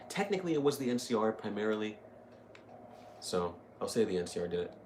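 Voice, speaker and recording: A man's voice: fairly low pitch, big pitch swings, fairly quick, darkish tone, slight background noise. A young man giving casual, chatty commentary while playing a video game, easily amused. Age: young adult. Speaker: gaming video host. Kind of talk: casual let's-play commentary.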